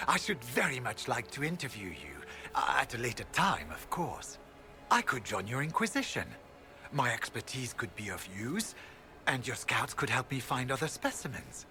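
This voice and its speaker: A man voicing an excitable, formal dragon researcher in a game. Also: medium pitch, moderate pace, faint music behind. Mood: enthusiastic. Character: eager scholarly male dragon researcher.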